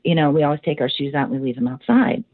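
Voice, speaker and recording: A woman's voice: low-pitched, fast talker, dry recording. Woman on a tinny phone line. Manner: rambling and animated, with many fillers. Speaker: owner of a haunted house, interview guest. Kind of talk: casual storytelling.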